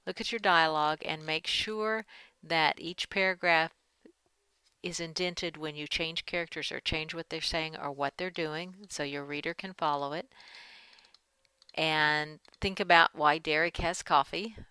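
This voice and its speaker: A woman teacher recording feedback on a student's story, reading passages aloud and commenting calmly. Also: sits low, a little slow, clean tone, dry recording, rough recording. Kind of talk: screen-recorded writing feedback.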